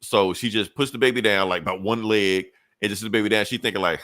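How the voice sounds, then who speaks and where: A man talks through a comic book plot in easy, rambling podcast chat. He swears often and leans on fillers. His voice sits a little low, and the sound is close and dry. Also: fairly even intonation, fast talker, few pauses, sharp tone, no echo. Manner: loose, profane storytelling with frequent fillers. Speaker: podcast co-host. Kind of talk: casual comic book recap.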